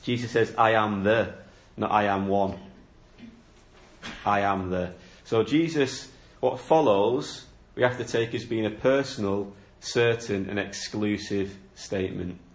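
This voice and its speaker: Guy preaching a sermon, kinda low voice, earnest, lots of "isn't it?", roomy echo. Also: measured pace. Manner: earnest, explanatory, rhetorical questions. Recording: echoey room.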